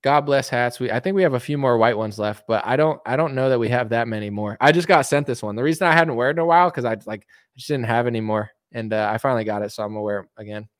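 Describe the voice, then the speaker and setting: A man's voice: medium pitch, quick pace, few pauses, no room sound, studio quality. A man hosting a podcast, giving loose, joking opinions with lots of fillers. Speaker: podcast host. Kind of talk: casual opinion chat.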